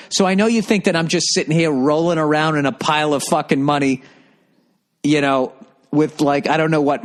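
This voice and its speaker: A middle-aged man ranting profanely and sarcastically as a podcast host, reading out listener comments and firing back. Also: fairly high pitch. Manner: reads listener comments aloud and answers them. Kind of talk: ranting monologue.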